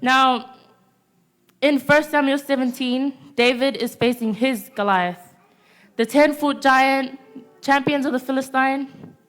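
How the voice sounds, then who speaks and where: Teen girl preaching at a youth service, high voice, keeps asking the church for an amen. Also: slow, long pauses, a bit bright. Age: teens. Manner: call-and-response, asks "Amen?" after nearly every point. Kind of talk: sermon.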